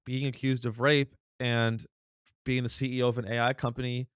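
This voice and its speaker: A man's voice: medium pitch, level tone, moderate pace, fairly bright tone, clean tone, no room sound, clean studio sound. A man hosting a comedy podcast, delivering a mock-outraged, ironic rant full of restarts and rhetorical questions.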